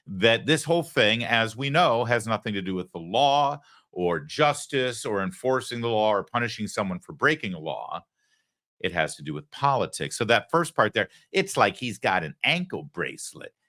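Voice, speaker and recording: Guy hosting a political commentary show, low-ish bright voice, sarcastic and punchy.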